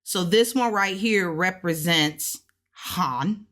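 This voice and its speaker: A woman's voice: fairly low pitch, slow, fairly bright tone. A woman giving a casual self-taught language lesson, thinking aloud as she goes and repeating words to sound them out. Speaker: language learner teaching what she studies.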